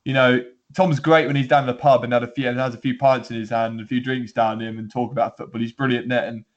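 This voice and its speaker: A man's voice: medium pitch, little pitch movement, fast. Man, podcast co-host, casual chat, rambling, chuckling, muffled audio. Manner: rambling, laughing, many restarts.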